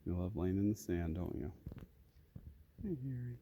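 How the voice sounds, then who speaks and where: A man chatting softly to his farm animals outdoors, doting and coaxing, filmed on a phone. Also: deep voice, expressive, normal speed, a little hiss or hum. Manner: soft, doting, coaxing baby talk. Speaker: farmer talking to his animals. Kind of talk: casual chat to animals. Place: outdoors on a farm, shady pasture.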